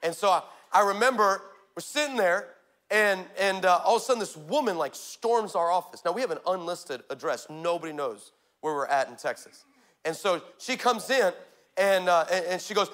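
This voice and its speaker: Bright, high-voiced energetic preacher man. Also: normal speed. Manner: energetic, humorous, builds to shouts. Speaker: pastor. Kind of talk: sermon with storytelling.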